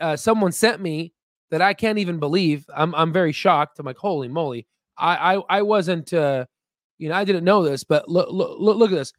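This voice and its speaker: A man hosting a stock market video in casual screen-share commentary, rambling and repeating himself, emphatic and excitable as he promotes his own work. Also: high voice, no room sound, studio quality.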